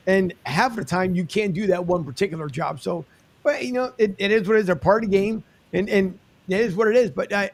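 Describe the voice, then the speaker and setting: A man hosting a sports podcast, sharing rambling opinions in an easygoing way. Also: sits high. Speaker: podcast host. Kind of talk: casual podcast chat.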